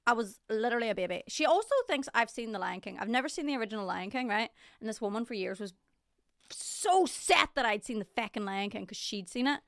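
Host: Irish woman, fairly high voice, quick teasing banter, dry close mic. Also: no room sound. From Ireland. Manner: lively, chatty, teasing, swears casually. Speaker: podcast host. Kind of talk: casual chat.

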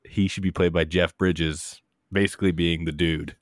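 A man's voice: sits low, level tone, moderate pace, no room sound, studio quality. A man co-hosting a casual movie podcast, playful and jokey. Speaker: podcast co-host.

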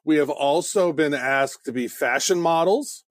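A man's voice: fairly high pitch, a little slow, no room sound. A male podcast co-host in casual chat, jokey and playful.

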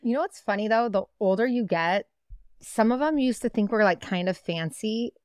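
A woman's voice: mid-range voice, normal speed, darkish tone, clear, resonant tone, no room sound, clean studio sound. A young woman co-hosting a casual chat, opinionated and sarcastic, swearing casually. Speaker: podcast co-host.

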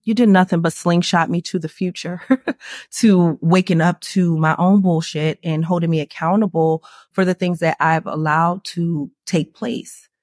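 A woman guest on a podcast, telling her story in candid conversation and acting out quoted lines in a higher voice. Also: measured pace, no room sound, clean studio sound. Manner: animated, acts out quoted dialogue in a higher voice.

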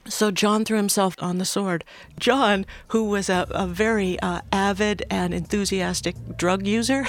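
An older woman, a former recording technician, telling a story in an unhurried, reflective way as an interview guest. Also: mid-range voice, steady tone. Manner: unhurried and reflective, with small restarts.

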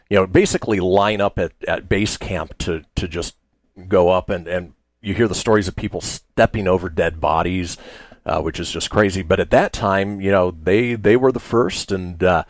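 A man's voice: deep voice, no echo. A man hosting a radio show, bantering casually and wryly teasing his co-host. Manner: wry, joking, teasing co-host. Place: radio studio.

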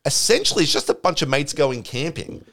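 A man's voice: a little high, animated, fairly quick, a bit bright. A young man, co-hosting a comedy podcast in loose casual chat, rambling with many fillers and restarts.

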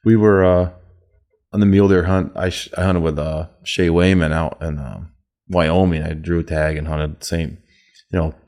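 A man, a podcast guest, telling a hunting story in a halting, restarting way. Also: extremely low pitch. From United States. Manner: halting, restarts, drops quiet then bursts loud in quoted yelling. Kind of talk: casual storytelling chat.

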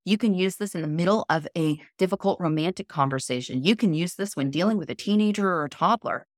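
A woman guest on a podcast interview, explaining a method in a calm, measured, coaching tone. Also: fairly low pitch, dry recording, studio quality. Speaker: guest, cold immersion method founder.

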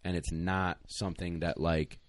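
A deep-voiced man talks about retriever training in a casual podcast, giving blunt, plain-spoken and emphatic advice while sounding a little out of breath. He speaks at normal speed with little pitch movement, and the recording is close and dry, with no room sound or echo.

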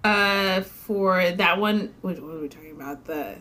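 A woman's voice: on the low side, measured pace, pushed and bright. A woman co-hosting a podcast in casual book-club chat, giving blunt opinions. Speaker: podcast co-host.

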